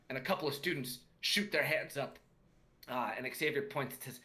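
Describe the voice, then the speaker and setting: A man's voice: mid-range voice, moderate pace, bright, forceful tone. A man narrating a tabletop game as game master, hesitant and full of fillers.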